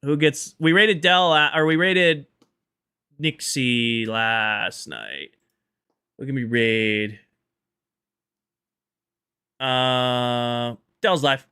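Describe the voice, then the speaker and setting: Man, tired late-night streamer, bright tone, casual sarcastic chat. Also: medium pitch, animated, drawn-out words, long pauses, clear, resonant tone. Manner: chatty, sarcastic, addresses chat directly. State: tired at end of long stream.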